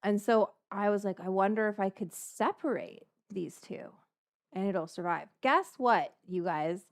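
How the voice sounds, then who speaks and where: A woman hosting a cooking vlog, talking in a rambling, animated way with many restarts and asides. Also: mid-range voice, unhurried. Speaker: cooking show host. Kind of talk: casual chatty cooking vlog.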